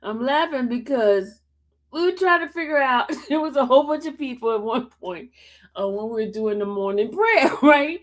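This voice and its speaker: A woman's voice: sits high, lively intonation, normal speed. A woman host chatting casually with her livestream viewers, in a drawling, slangy way, often breaking into helpless laughter and calling on the Lord. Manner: laughing helplessly between words. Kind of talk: casual chat with live viewers.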